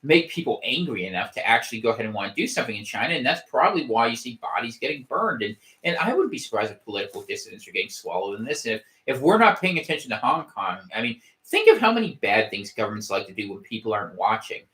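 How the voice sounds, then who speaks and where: A man's voice: mid-range voice, sing-song, quick pace, hardly any pauses, bright, forceful tone. A man hosting a casual podcast livestream from home, rambling with wry gallows humor and frequent restarts. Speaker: podcast host. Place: home room.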